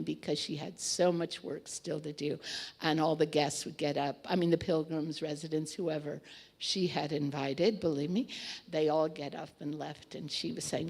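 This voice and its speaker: A woman's voice: low-pitched, steady tone, normal speed, vocal fry, a little mellow, husky. A woman telling a memory in a casual, chatty way, with fillers and restarts, acting out quoted lines. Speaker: storyteller recalling memories. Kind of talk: casual anecdotal storytelling.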